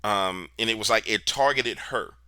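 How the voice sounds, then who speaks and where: A man's voice: fairly low pitch, moderate pace, sharp tone, no room sound, clean studio sound. A man being interviewed, telling a story in a casual, slangy, emphatic way. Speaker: interview guest, paranormal researcher.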